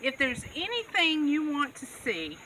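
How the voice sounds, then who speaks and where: A bright, forceful woman's voice sits high, with wildly swooping pitch and a slightly slow pace. She's a goat farmer vlogger chatting casually, laughing often and coaxing her animals. The recording uses a distant outdoor mic with background noise.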